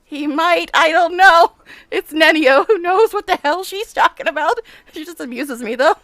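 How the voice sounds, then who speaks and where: A woman's voice: extremely high pitch, moderate pace, fairly bright tone, no room sound. A woman streaming a game, making giggly, amused casual asides. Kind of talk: casual commentary while playing.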